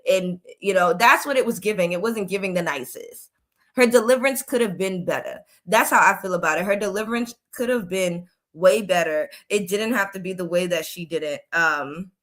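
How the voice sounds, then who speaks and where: A woman streamer speaks in casual reaction commentary at a middling pitch. She is candid and reflective, circling back to the same points as she weighs what she has watched. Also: fairly bright tone.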